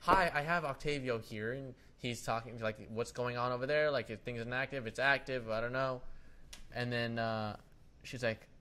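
Animated, swearing young man telling a story. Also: mid-range voice, normal speed, clean tone. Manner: animated storytelling, acts out quotes, swears a lot. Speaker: podcast co-host. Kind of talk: casual chat.

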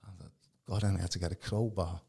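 A man telling his personal testimony in a casual, animated way. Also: deep voice, brisk, creaky, husky. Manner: animated, acts out quoted voices, calls the host mate. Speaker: guest giving testimony. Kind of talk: casual storytelling.

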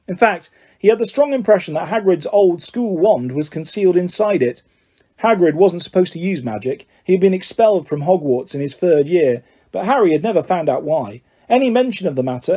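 A man narrating a storybook in a steady, even storytelling manner. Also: fairly high pitch, breathy edge. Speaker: audiobook narrator.

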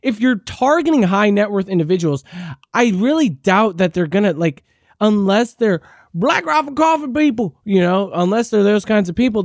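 A high, animated man rants and swears as a podcast host. His talk is sarcastic and rambling, full of restarts. The sound is dry and close-miked. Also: no echo. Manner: frequent restarts and fillers. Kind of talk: ranting commentary.

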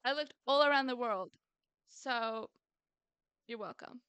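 A woman's voice: fairly high pitch, measured pace, a bit bright, clean tone, dry recording. A woman co-hosting a podcast in casual chat, playful and giggly, teasing her co-host.

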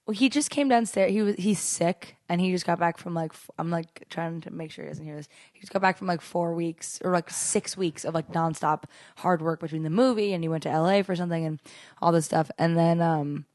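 A young woman co-hosting a casual podcast chat, telling stories in an animated way and laughing often. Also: on the low side, a little fast, no room sound, studio quality. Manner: animated storytelling, acts out quotes, laughs often. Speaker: podcast co-host.

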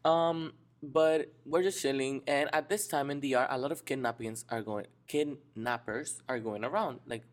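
A young man tells a story on a relaxed podcast, his voice at a middling pitch. He talks in a slangy, animated way, dropping "bro" and the odd word. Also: moderate pace, few pauses. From Dominican Republic. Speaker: podcast co-host. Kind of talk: casual storytelling chat.

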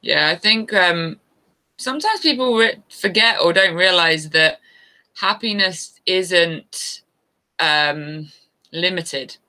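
Bright, chatty woman. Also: lowish voice, slow pace, low-quality recording. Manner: chatty, laughs easily, rambling. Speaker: guest, adventure motorbike rider. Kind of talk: casual interview chat.

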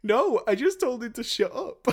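A man's voice: very high voice, sing-song, normal speed. A man hosting a podcast in casual chat, laughing and apologetic, swearing freely. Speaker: podcast host.

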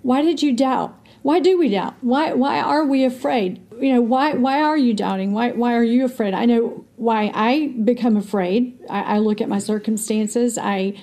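A woman's voice: on the high side, normal speed, hardly any pauses, mellow. A woman co-hosting a faith podcast, speaking in an earnest teaching tone and quoting scripture. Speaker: podcast co-host.

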